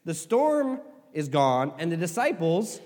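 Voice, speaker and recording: Pastor, man, high voice swinging widely, casual animated sermon delivery, echo of a hall. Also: a little slow. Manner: conversational, animated preaching with asides and laughs. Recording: hall reverb.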